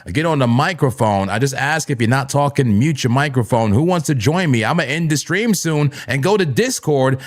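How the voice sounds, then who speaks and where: A man hosting a live trading stream, calling out trades in a hyped, playful way with sudden high, excited bursts. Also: fairly quick, hardly any pauses, over music. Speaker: livestream trading host.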